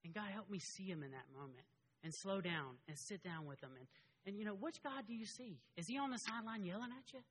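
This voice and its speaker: Husky, bright-voiced preacher in a hall. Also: male voice, high-pitched, a little fast. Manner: conversational, animated, with frequent restarts. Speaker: pastor. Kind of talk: sermon. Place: church sanctuary. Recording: long reverb of a large hall.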